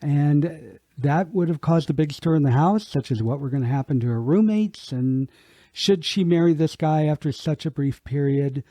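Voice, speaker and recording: A man's voice: a little high, normal speed, dark tone, no echo. A man co-hosting a podcast, recapping an episode in an easygoing way, thinking aloud as he goes. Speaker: podcast co-host. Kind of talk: casual podcast chat.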